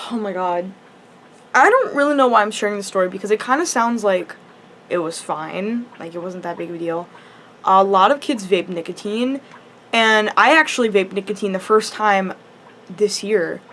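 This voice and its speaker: A woman's voice: medium pitch, normal speed, a bit bright, slight background noise. A teenage girl telling a personal story in a casual vlog, rambling and chatty with lots of "like" and restarts. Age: teens. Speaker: high school student.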